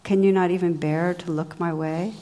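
A grave, gentle enchanted lady with a slow and sweet delivery, as a woman reads her aloud. She speaks in measured, formal phrases in a slightly low voice, in a storybook reading. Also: steady tone, natural voice.

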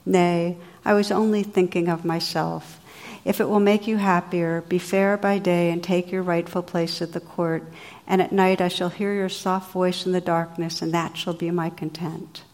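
An ardent young knight, fervent and formal in his old-fashioned speech, as a woman reads him aloud. He is devoted and earnest, carried by a slightly low voice in a storybook reading. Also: level tone, moderate pace, a little mellow, in a large hall, close to an everyday voice.

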